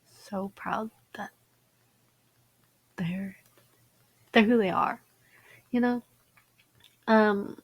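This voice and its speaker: Young woman host, casual sentimental rambler, mid pitch, dry close sound. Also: no room sound. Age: young adult. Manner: rambling, sentimental, swears casually, frequent fillers. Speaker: podcast host. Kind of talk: casual chat.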